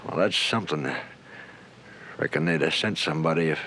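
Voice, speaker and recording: An actor playing a proud, stubborn man in a 1960s TV western, with a rough backwoods drawl. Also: extremely low pitch, a little fast, sharp tone, a little hiss or hum, exaggerated voice. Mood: defeated. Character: proud stubborn mountain man, rainmaker father.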